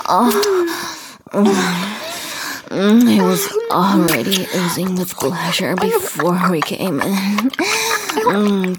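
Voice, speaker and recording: A woman in an erotic audio role-play, talking in a commanding, teasing way with breathy moans. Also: medium pitch, very noisy.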